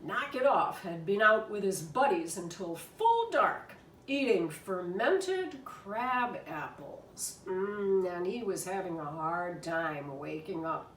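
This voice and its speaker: A woman reading a children's storybook aloud in an expressive, animated way. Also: on the low side, slow, distant mic, a little hiss or hum. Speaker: reader. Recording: echoey room from afar.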